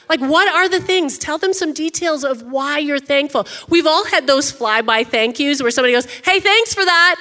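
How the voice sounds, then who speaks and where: A woman's voice: high-pitched, sharp tone, in a large hall. A woman pastor preaching a sermon in a conversational, emphatic way, often saying "like".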